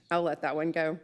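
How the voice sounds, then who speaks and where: A woman's voice: low-pitched, a bit bright. A woman in her late forties, a state official giving earnest prepared remarks to a legislative committee. She talks with feeling and grows tearful. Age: late 40s. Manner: earnest, turns tearful and emotional. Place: legislative hearing room.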